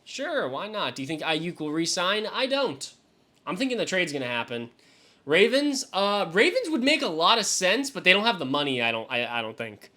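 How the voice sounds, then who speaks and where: Talking to his live chat in a sing-song way at normal speed, this young fantasy football streamer has a bright, fairly high voice. His commentary stays relaxed and casual, and he curses freely.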